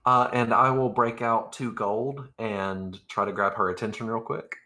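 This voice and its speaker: A man's voice: lowish voice, steady tone, measured pace, sharp tone. A man playing in a tabletop game, laid-back and teasing. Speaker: player. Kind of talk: casual tabletop play.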